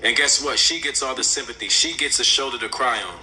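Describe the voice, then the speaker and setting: A man's voice: mid-range voice, fast, pushed and bright, slight background noise, rough recording. A man ranting indignantly in angry commentary, swearing freely.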